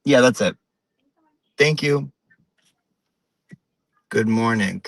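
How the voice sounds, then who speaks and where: A man's voice: medium pitch, creaky, dry recording, low-quality recording. Auntie Deb: a man playing a chatty mom. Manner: rambling, gossipy, drawn-out. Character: chatty middle-aged Portuguese-American mom on her morning drive. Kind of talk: comedic character monologue.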